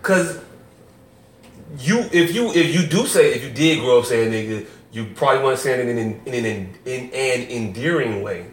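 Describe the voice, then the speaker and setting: A man co-hosting a podcast in casual chat, animated and laughing often, stumbling over restarts. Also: mid-range voice, normal speed, distant mic. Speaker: podcast co-host. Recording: roomy, from off-mic, faint noise.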